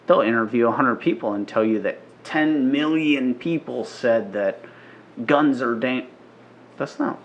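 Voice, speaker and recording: A man's voice: medium pitch, a little slow, dull audio, a little hiss or hum. Guy cohosting a podcast, cusses a lot, hammers his point over and over. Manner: emphatic, profane, repeats his points. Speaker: podcast co-host. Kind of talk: casual drinking chat.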